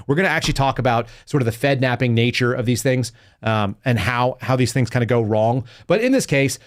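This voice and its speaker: A man hosting a live political podcast, reading news articles aloud and commenting in a combative, sarcastic way. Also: mid-range voice. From Texas. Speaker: podcast host.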